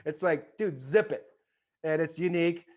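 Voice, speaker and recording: A man in his forties, a former baseball player appearing as a podcast guest, tells a story in casual conversation. His voice is a little high and his pace moderate, and he animatedly acts out the voices of the people in the story.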